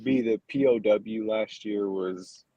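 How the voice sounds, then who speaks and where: Low, husky, mellow man. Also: slow, dry recording, muffled recording. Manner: relaxed, explaining with restarts. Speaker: paintball referee. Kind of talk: casual chat.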